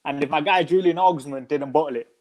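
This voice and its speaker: A man's voice: a little high, fast talker, dull audio, a loud crowd. A man debating football in a casual chat, insistent and argumentative. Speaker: football pundit co-host.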